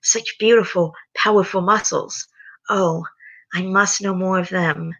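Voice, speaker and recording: A woman's voice: on the low side, fairly even intonation, measured pace, a bit bright, highs cut off. A woman voicing a gleeful, demented unicorn mare scientist who giggles with sing-song menace in a fan storybook reading.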